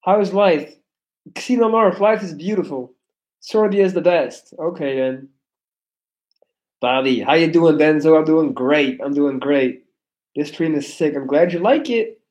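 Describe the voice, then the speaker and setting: A man's voice: fairly high pitch, animated, measured pace, darkish tone, poor audio. A young man with a non-native English accent, reading chat on a casual livestream, blunt, profane and joking. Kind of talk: casual live-stream chat.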